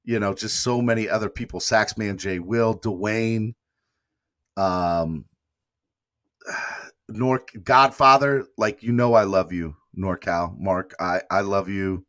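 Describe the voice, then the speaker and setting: Hosting a casual live-stream fan morning show, a man speaks slowly in a lowish, fairly even, slightly bright voice. He rambles emotionally, thanking viewers and reading their comments aloud, and the recording is dry and studio-clean.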